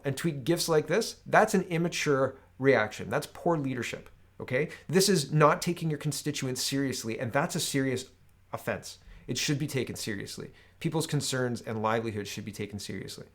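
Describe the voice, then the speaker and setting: A man's voice: mid-range voice, brisk. A man hosting a solo political commentary show, sarcastic, reading headlines aloud and tagging his points with "right?". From Canada.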